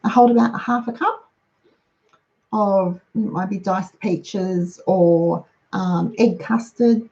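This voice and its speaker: A woman's voice: medium pitch, warm tone, muffled recording. A middle-aged woman chatting casually as a host, running through practical lists of lunchbox ideas. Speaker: host giving lunchbox tips. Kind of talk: casual how-to talk.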